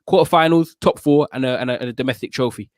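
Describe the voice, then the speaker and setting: A young man talks football on a podcast in a measured, questioning way. His voice sits in the middle range, and the recording is dry and close with little room sound. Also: mid-range voice, no room sound. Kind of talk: casual football banter.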